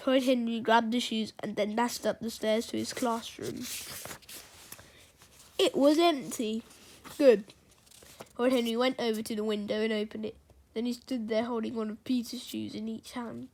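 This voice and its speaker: A woman reading a children's storybook aloud, in a gentle read-aloud manner. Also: on the high side.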